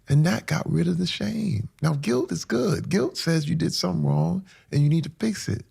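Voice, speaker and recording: A man opening up as an interview guest, earnest and emphatic, leaning on repeated phrases to drive each point home. His voice is gravelly, with a husky edge, and he now and then sinks into a near whisper. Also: on the high side, lively intonation, normal speed, few pauses. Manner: drops to a hushed whisper at moving moments. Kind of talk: candid personal storytelling.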